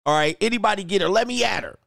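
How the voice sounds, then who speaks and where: A man's voice: high voice, animated, rapid-fire, vocal fry, fairly bright tone, dry recording, clean studio sound. A man hosting a casual livestream, reading out chat comments and joking in a loose, slangy way. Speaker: dating coach and channel host.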